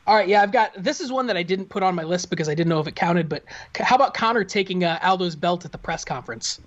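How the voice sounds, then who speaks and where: A man who is a guest on a casual podcast, calling in over video from home. He tells stories in an animated way and swears casually. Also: high-pitched, fast talker. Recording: dull lo-fi audio.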